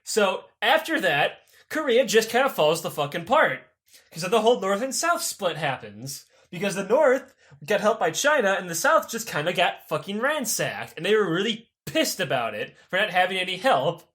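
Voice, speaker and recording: A man's voice: sits high, very animated, normal speed, a bit bright. A man co-hosting a podcast, retelling history in an irreverent, profane and rambling comedic way. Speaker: podcast co-host.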